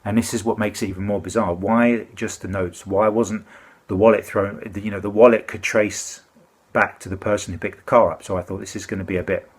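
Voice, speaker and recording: A man with a husky, slightly breathy voice pitched on the low side. He tells a complaint story in loose, rambling speech, full of restarts and self-corrections. His indignation keeps breaking through as he goes. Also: steady tone, a little fast. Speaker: complaining customer. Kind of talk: casual spoken complaint.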